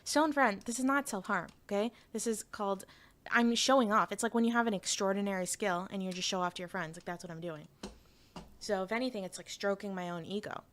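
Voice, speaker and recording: Speaking fairly quickly in a mid-range, fairly bright voice, the Canadian VTuber chats casually with her viewers. She reads their messages aloud and replies frankly, swearing without holding back.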